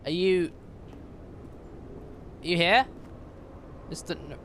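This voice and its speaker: A male streamer chats in a rambling, jokey way, talking back to the game's narrator as he plays. His voice sits a bit higher than most men's. A faint hiss of noise runs behind him. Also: unhurried, pauses often, a bit bright. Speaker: streamer playing a game. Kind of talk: casual livestream commentary.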